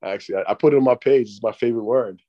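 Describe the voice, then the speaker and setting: Husky guy talking quick on a podcast, swears a lot, kinda lo-fi. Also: mid-range voice. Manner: profane, animated storytelling. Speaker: podcast co-host. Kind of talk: casual chat.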